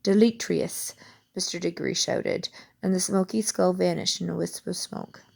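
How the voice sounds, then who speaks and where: A woman reading a novel aloud with steady storytelling. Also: fairly low pitch, moderate pace, creaky. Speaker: audiobook reader.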